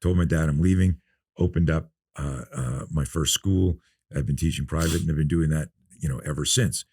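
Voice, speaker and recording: A man in his fifties, a self-defense instructor, telling stories in a relaxed podcast interview and acting out the dialogue. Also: a bass voice, moderate pace, breathy edge, dry recording, studio quality. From North America. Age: 50s. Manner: relaxed storyteller who acts out quoted dialogue. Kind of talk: casual storytelling interview.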